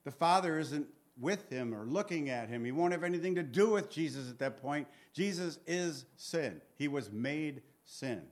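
Earnest higher-voiced male Bible teacher. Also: lively intonation, normal speed, few pauses. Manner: earnest, reads scripture aloud and acts out the pleas; conversational asides to listeners.

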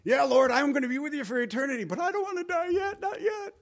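A man doing a biblical king in a pleading, whiny voice that climbs well above a normal speaking pitch. He begs anxiously to stay on earth a bit longer, half joking and half earnest. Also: fast talker. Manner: pleading, whiny, rising high.

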